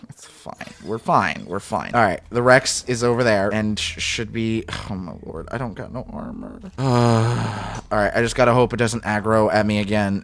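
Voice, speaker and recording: A man's voice: on the low side, slight background noise. A young man giving casual, profane gameplay commentary, exasperated and talking to his in-game animals. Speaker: gaming video creator.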